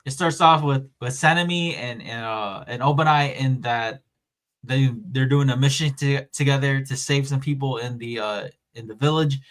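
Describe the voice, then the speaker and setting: A man hosting a casual podcast chat, his voice lively and rising and falling as he retells scenes. He sits at a middle pitch and laughs as he talks, with the loose feel of friends catching up. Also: moderate pace. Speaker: podcast host.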